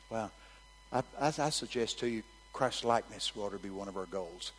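A man preaching a storytelling sermon, swinging from hushed asides to loud, shouted quotes. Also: medium pitch, moderate pace, breathy edge, in a large hall, poor audio.

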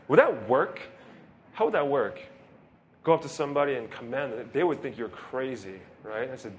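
A young man preaching a casual, conversational sermon, animated and often asking his listeners questions. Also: mid-range voice, a little fast, slight background noise. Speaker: pastor.

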